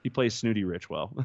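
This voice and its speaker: A man's voice: medium pitch, a little mellow, dry recording, dull audio. A man co-hosting a sports podcast, chatting easily and laughing along. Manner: easygoing, laughs along, quick asides. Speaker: podcast co-host. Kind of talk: casual sports chat.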